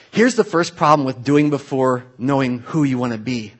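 A man's voice: mid-range voice, normal speed. A man preaching a sermon in a conversational, storytelling way, full of asides to the congregation. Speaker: pastor.

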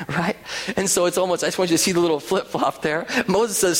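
A man preaching with a fairly high voice that carries a long reverb through a big hall. He delivers an animated sermon and asks the congregation rhetorical questions. The quoted voices he puts on sit inside the same delivery. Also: moderate pace. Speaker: pastor.

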